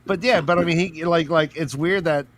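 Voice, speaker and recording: A man's voice: on the high side, steady tone, moderate pace. A man co-hosting a casual book podcast, rambling with many fillers and frequent laughs. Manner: rambling, heavy on "like", laughs often. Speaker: podcast co-host.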